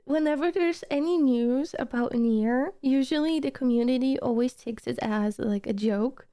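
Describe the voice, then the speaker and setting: A woman's voice: sits high, normal speed, dark tone. A woman streamer in casual reaction-stream chat, gushing and emotional, repeating her thanks over and over.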